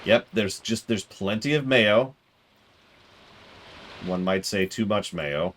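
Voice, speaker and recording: A man's voice: lowish voice, slow pace, slight background noise. A man streaming a game, chatting casually and joking with his viewers. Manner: chatty, jokey, animated.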